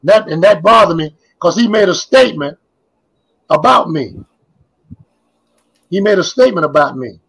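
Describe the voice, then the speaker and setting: A man's voice: high-pitched, animated, normal speed, vocal fry, long pauses, fairly bright tone, breathy edge, poor audio. An older man, a former basketball player, reminiscing as a guest in a casual interview, telling his stories in a rambling, repetitive way.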